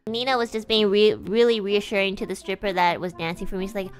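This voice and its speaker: A young woman streamer telling a rambling, flustered story in casual chat, breaking into high laughter. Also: steady tone, fast talker. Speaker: VTuber streamer.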